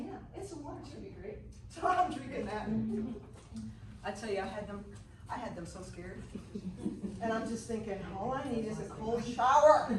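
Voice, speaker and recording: Animated woman telling stories, echoey room. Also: high voice. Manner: animated, laughing storyteller. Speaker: health class teacher. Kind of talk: casual storytelling class. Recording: echoey room, mic far off, noisy.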